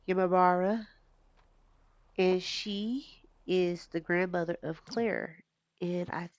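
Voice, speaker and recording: A woman's voice: fairly low pitch, slow, long pauses, no room sound. A woman with a stuffy nose, chatting casually and rambling a little as she introduces her gameplay. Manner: rambling, relaxed, with fillers. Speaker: gaming YouTuber.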